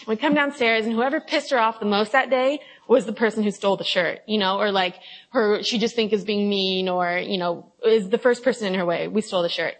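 A woman's voice: mid-range voice, fairly even intonation, fairly quick, poor audio. Chatty young woman leading a Bible talk. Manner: chatty, confessional, full of fillers and acted-out quotes. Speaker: Bible study leader. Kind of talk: casual devotional talk with scripture reading.

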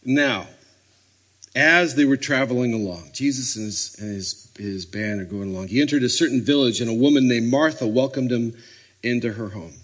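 Husky male preacher telling stories. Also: mid-range voice, normal speed. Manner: animated storytelling, acting out scenes. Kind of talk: sermon.

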